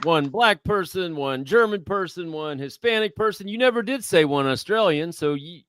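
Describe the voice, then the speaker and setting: A high-voiced man co-hosts a wrestling chat and chimes in with short, teasing remarks. The sound is close and dry, with no room around it. He talks casually and reads out viewer questions. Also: animated, moderate pace, a bit bright, smooth, no room sound. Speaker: podcast co-host reading viewer questions.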